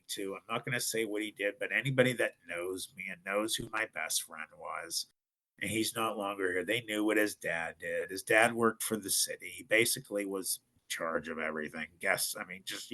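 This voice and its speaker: Fairly low in pitch, bright and forceful, a middle-aged Ohio man's voice carries his casual story as a podcast guest. He tells it animatedly, acting out the voices of others, and hails from Ohio in the United States.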